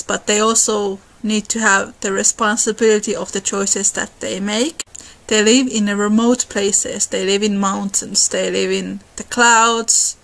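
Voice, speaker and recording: Gravelly-voiced woman explaining mythology. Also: medium pitch, a bit bright, rough recording. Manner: conversational, with restarts and small laughs. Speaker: channel host.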